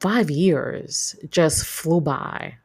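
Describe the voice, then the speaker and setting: A woman's voice: deep voice, very slow, darkish tone, husky. A woman from Brooklyn with a New York accent, hosting a podcast in reflective, chatty casual talk. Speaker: podcast host. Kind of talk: casual solo podcast chat.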